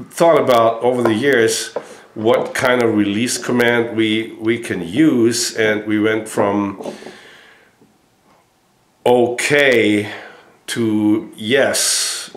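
German guy training dogs, lowish voice, talks real slow and patient, roomy echo. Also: fairly even intonation. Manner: patient, repeats each word slowly. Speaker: dog trainer. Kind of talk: instructional talk.

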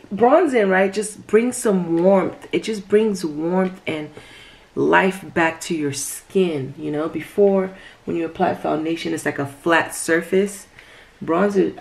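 A beauty vlogger talks casually through a makeup tutorial in a chatty vlog, her voice low and gravelly, sometimes dropping to a whisper. There's slight background noise.

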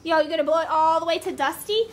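A woman's voice: very high-pitched, fairly even intonation, quick pace. A young woman filming her family at home, chatting, laughing often and cheering her kids on, in a casual vlog on a handheld camera. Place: at home, indoors and outside. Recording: noisy home video.

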